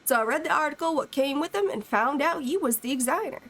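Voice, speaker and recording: A woman's voice: sits high, animated, fast talker, a bit bright. A woman streamer voicing an earnest small-town country woman writing a fan letter, in a put-on rural American country drawl with a folksy, plainspoken manner.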